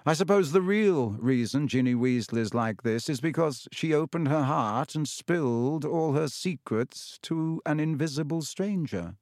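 A man voicing a sinister young man who speaks quietly, calmly and with smug menace. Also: a little high, a little slow, hardly any pauses, dry recording, studio quality. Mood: mocking. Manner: quiet, calm, smoothly menacing.

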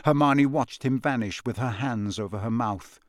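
A man narrating a fantasy storybook in a dramatic, expressive reading. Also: mid-range voice, moderate pace, dry recording, clean studio sound. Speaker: audiobook narrator.

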